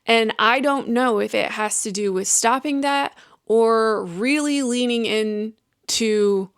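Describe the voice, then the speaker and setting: Woman, young adult, podcast host, earnest, rambling, candid chat, fairly high voice. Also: slow pace, clean tone, no room sound, clean studio sound. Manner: earnest, rambling with restarts and quoted self-talk. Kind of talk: candid personal talk.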